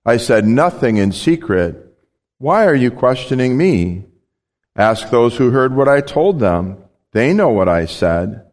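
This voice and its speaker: A man voicing Jesus as a calm grown teacher, read in a plain steady way. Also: mid-range voice, measured pace, in a large hall.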